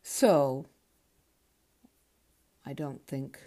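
A woman's voice: low-pitched, measured pace, warm tone. A tired New woman in her fifties telling a memoir story on a podcast, rambling, thinking aloud and swearing freely. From Connecticut. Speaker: podcast host. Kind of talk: casual spoken memoir storytelling.

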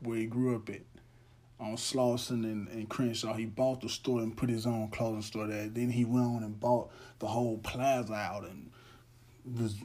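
Young guy podcasting solo, mellow low-toned voice, earnest and heartfelt, keeps restarting his sentences. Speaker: podcast host. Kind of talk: casual monologue.

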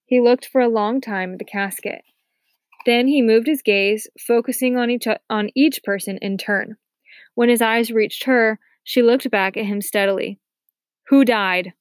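A woman narrating a novel aloud with steady, soft-spoken storytelling. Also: fairly high pitch, normal speed, no room sound. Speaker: audiobook narrator. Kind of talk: scripted narration.

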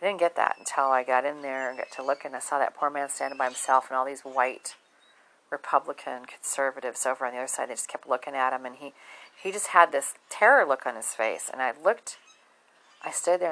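A woman's voice: a bass voice, fairly bright tone, rough recording. A woman talking bluntly and casually to her viewers, swearing freely. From southern United States. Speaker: vlogger. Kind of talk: casual monologue to camera.

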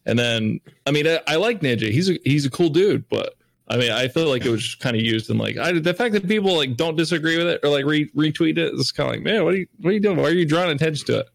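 Gravelly dude rambling his hot take, dry sound. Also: fairly high pitch, animated, fast talker, dry recording. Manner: rambling, many fillers. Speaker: friend in group call. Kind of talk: casual chat.

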